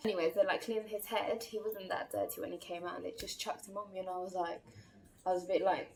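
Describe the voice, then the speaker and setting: A woman's voice: on the low side, steady tone, moderate pace, gravelly. A woman telling a personal story in a casual, chatty vlog, full of fillers and acted-out quotes. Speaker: vlogger.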